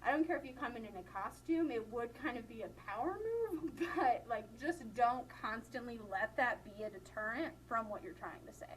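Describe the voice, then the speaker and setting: Young woman teaching class, high voice, chatty and giggly, lots of "like". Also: normal speed, few pauses, slight background noise, poor audio. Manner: chatty, laughs often, many "like" fillers. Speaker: college instructor. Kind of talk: classroom lecture.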